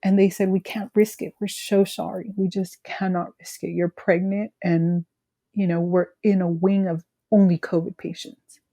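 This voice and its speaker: A woman in her thirties from California, speaking haltingly about her grief as a guest, full of "you know" fillers. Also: on the low side, little pitch movement, mellow. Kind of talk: emotional personal conversation.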